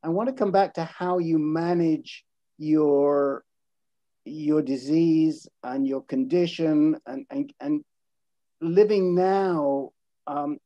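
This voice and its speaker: A man hosting a video call interview, speaking haltingly with stuttered repeats. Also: a little high, no room sound, highs cut off. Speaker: host.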